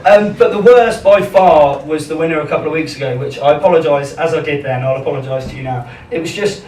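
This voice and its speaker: A young comedian doing a chatty, self-deprecating stand-up set into a handheld mic. His voice sits a touch high, picked up from a distance in an echoey small club. Clear crowd noise fills the background. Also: fast, hardly any pauses, a little mellow. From England. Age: young adult. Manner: chatty, self-deprecating, rambling with many ums. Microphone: handheld stage microphone.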